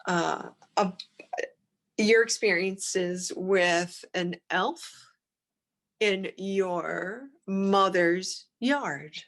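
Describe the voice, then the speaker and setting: A woman hosting a podcast, asking questions in halting, hesitant phrasing. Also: lowish voice, fairly bright tone. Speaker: podcast host. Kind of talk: interview questions.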